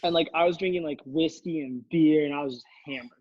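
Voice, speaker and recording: A young man with a fairly high voice tells a rambling, laughing story on a podcast, restarting his sentences often. His mic sounds dry and a little dull. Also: quick pace, a little mellow, no room sound. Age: young adult. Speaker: podcast co-host. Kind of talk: casual storytelling chat.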